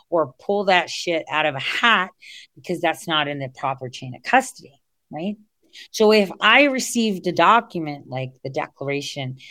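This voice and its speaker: Low-pitched woman ranting to her followers, cussing, going off on tangents, dry sound. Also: a bit bright, dry recording. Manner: blunt, swears freely, digresses and laughs mid-rant. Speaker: online political commentator. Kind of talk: casual monologue to an online audience.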